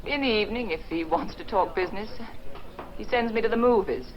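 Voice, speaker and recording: An actress playing a flirtatious, bored society wife with an English accent, coy and teasing, in a 1960s TV drama. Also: female voice, medium pitch, fairly quick, a crowd in the background, natural voice. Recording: dull lo-fi 1960s TV soundtrack with music.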